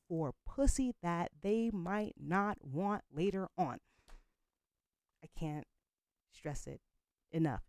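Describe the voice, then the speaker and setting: A woman's voice: on the low side, lively intonation, slow, pauses often, darkish tone, no room sound. A woman in her forties telling a personal story in a blunt, candid and profane way. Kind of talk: storytime vlog monologue.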